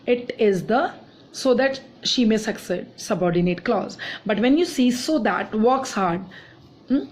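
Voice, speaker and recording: A woman's voice: on the high side, darkish tone. A woman with an Indian English accent teaching a grammar lesson, repeating each example sentence and saying "okay" often.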